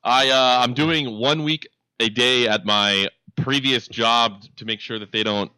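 A man's voice: mid-range voice, measured pace, pushed and bright, smooth, no room sound, low-quality recording. A man on a casual comedy podcast, telling a laid-back, wry story.

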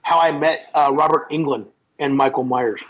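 A man's voice: fairly high pitch, normal speed. Rambling man telling stories on a podcast. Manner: rambling, laughing, with stammered restarts. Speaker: podcast co-host, comic artist. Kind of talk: casual storytelling chat. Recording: dull lo-fi sound with faint noise.

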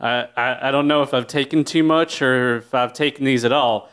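Guy doing a dazed jittery stoner, stammers a lot, smooth clear voice, comedy scene. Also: mid-range voice, fairly even intonation, moderate pace, a bit bright, natural voice. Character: spaced-out jittery male stoner hiding in a store. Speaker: guest.

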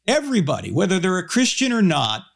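A man giving a public talk on Christian theology, animated, shifting his pace and pitch for emphasis and telling stories with humor. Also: fast, gravelly. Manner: storytelling with humor. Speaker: Christian apologist speaker.

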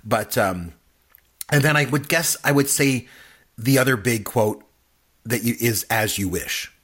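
A man in casual chat about a film, animated and acting out quotes in funny voices. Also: medium pitch, measured pace, slightly rough. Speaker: podcast co-host.

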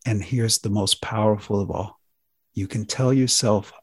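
A man hosting a talk show, speaking earnestly and with drawn-out emphasis. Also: fairly low pitch, steady tone, breathy edge, dry recording, clean studio sound. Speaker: host.

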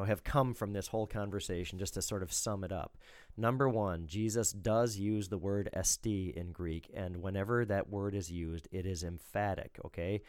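Male pastor, low voice, dry recording, emphatic teacher. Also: a little mellow, no room sound. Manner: explanatory, lecturing, emphatic. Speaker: pastor, co-host. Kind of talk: theological discussion.

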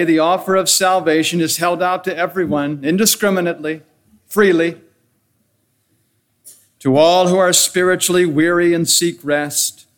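A man's voice: fairly high pitch, clear, resonant tone. Earnest man preaching a sermon. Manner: earnest, measured preaching with rhetorical questions and enumerated points. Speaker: pastor.

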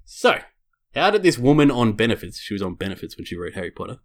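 A man's voice: medium pitch, very animated, fast. A man hosting a podcast, reading a prepared segment with wry asides and casual swearing. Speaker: podcast host.

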